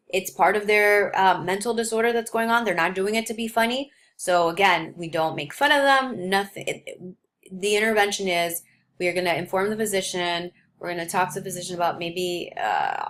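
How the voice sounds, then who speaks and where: A woman's voice: medium pitch, fairly bright tone, slight background noise. Nursing teacher lady giving a lecture, chatty, tells stories from her clinic days, lots of uhs. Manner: explains with personal clinical stories, many fillers. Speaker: nursing instructor.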